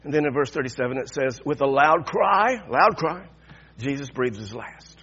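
Animated preacher man, muffled recording. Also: mid-range voice, moderate pace, breathy edge. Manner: animated, swings from hushed to loud, acts out the crowd's mocking laughter. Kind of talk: sermon.

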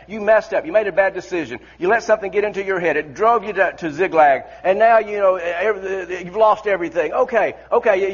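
A male preacher delivers a sermon in a high voice. He drives points home with repetition and many restarts. The recording sounds dull and lo-fi. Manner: impassioned, repetitive, stammering restarts.

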